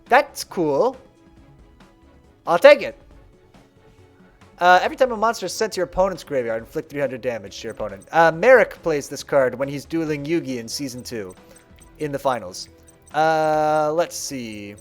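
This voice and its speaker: Chatty male streamer, casual play-by-play, high lively voice. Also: normal speed, long pauses, soft background music. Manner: chatty, explains as he plays. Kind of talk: casual live game commentary.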